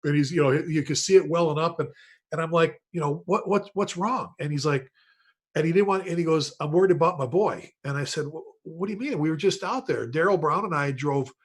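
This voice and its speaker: A male host, a retired fire chief, leads a casual online panel over a video call. His voice sits a little higher than most men's, and he talks in a storytelling way, turning to each panelist by name. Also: fairly quick.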